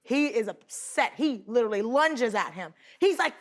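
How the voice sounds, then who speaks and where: A woman on a talk show couch, recounting events in an excited rush. Her voice sits on the higher side, and she breaks into quoted dialogue and little laughs as she goes. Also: unhurried, few pauses. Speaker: guest passenger. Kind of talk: animated storytelling on a talk show.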